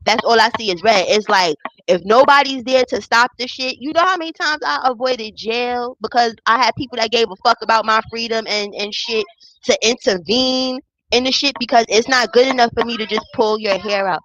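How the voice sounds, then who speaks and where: A woman's voice: a little high, a little fast, muffled recording. A young woman telling a profane personal story in a casual storytime vlog, acting out the voices of the people in it. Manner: animated, acts out quoted voices, profane.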